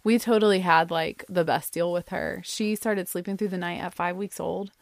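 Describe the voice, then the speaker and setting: A woman telling a personal family story in a chatty, animated way, full of fillers and quick laughs. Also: on the low side, no room sound. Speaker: storyteller sharing a family anecdote; mother.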